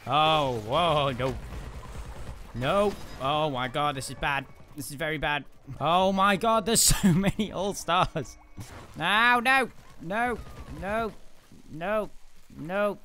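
A young man giving excitable let's-play commentary, laughing often and yelling at his teammates. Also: on the high side, a little slow, slight background noise. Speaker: gaming video host.

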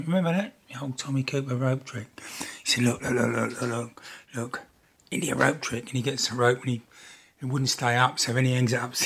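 A husky-voiced older man talks through a model build at his workbench in a rambling, chatty way. He pokes fun at himself as he goes. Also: mid-range voice. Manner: rambling, chatty, self-deprecating. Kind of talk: casual build vlog narration.

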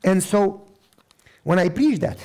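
High, gravelly-voiced male preacher. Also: takes it slowly. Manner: animated, acts out quoted voices, repeats for emphasis. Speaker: pastor. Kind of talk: storytelling sermon.

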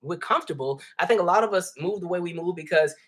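A man's voice: high-pitched, fast talker, a bit bright, slightly rough. A man hosting a livestream, talking casually with his viewers and calling them y'all. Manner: conversational, addresses viewers as y'all. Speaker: livestream host reading chat. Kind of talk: casual chat.

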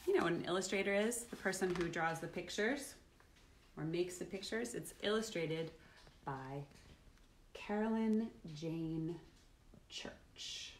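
A middle-aged woman hosting a children's livestream, reading a picture book aloud at home in a playful, animated way and acting out the feelings. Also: on the low side, unhurried, a little hiss or hum. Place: at home, live streaming.

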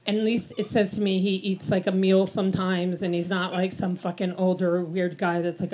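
A woman's voice: fairly low pitch, little pitch movement, moderate pace, hardly any pauses, a little mellow. A woman in her fifties doing a stand-up routine in a comedy club, telling brash, profane, self-mocking stories. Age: 50s. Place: comedy club in front of an audience. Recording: live club recording with audience noise. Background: audience laughter.

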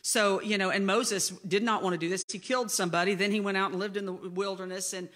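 A woman's voice: medium pitch, fairly even intonation, quick pace, a bit bright. A middle-aged woman pastor preaching a sermon, telling her own story in a candid, self-deprecating way. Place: church sanctuary.

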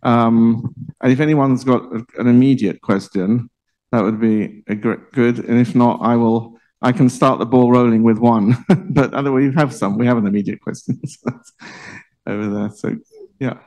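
A man's voice: mid-range voice, steady tone, normal speed, darkish tone, low-quality recording. Chatty man hosting a panel. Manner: chatty, laughs often, restarts sentences. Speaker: event host. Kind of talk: panel moderation. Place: library event room.

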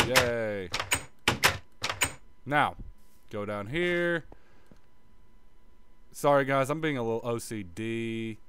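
A man's voice: medium pitch, takes it slowly, long pauses, a bit bright, a little hiss or hum. A man giving a casual gameplay tutorial, muttering and swearing as he plays and humming little sound effects like "bop bop" under his breath. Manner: offhand, self-mocking tone. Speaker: gaming video creator.

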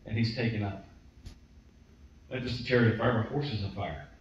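This preacher speaks at a moderate pace in a fairly low voice with fairly even intonation, teaching his sermon through a story and acting out what the people in it say. The mic sits far from him in a very echoey church hall, so the audio comes across dull with faint room noise behind.

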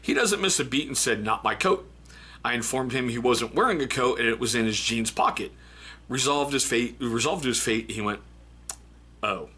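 Laughing bright-voiced man reviewing a book. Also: medium pitch, lively intonation, normal speed, husky. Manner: laughs often, reads excerpts aloud. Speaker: book review channel host. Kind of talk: casual book review vlog.

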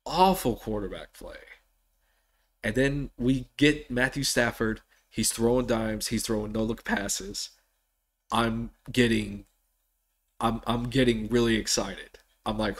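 A man hosting a casual solo sports podcast, rambling with frequent restarts and animated bursts of excitement. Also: medium pitch, slow. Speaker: podcast host.

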